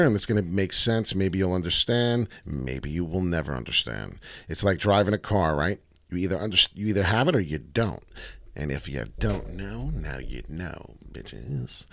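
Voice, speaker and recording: Brash male chart streamer, lowish voice with lively swings, dry sound, rambling and profane. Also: dry recording. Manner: brash, rambling, swears freely, breaks into sing-song. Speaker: crypto chart analyst streamer. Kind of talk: casual live chart commentary.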